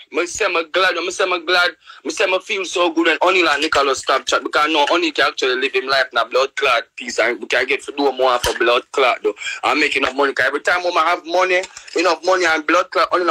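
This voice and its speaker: A young man with a Jamaican accent, live-streaming a profane, loud-mouthed rant in patois. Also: on the high side, poor audio. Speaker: livestreamer.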